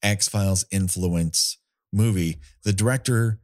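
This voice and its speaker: A man with a fairly low voice talks through horror films in a loose, rambling way, wry and quick to swear. The sound is dry and close, with no room around it. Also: a little mellow, no room sound. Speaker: podcast co-host. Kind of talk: casual chat about horror movies.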